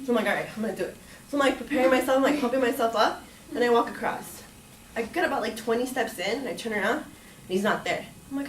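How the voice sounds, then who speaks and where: A woman's voice: on the high side, fast talker. A young woman telling a true personal story in a casual, chatty way, full of "like", acting out what people said. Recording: echoey room from far off, faint noise.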